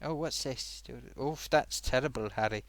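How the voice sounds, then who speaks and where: A man's voice: medium pitch, normal speed, dry recording. A man hosting a casual live stream, chatting and reading out viewer comments.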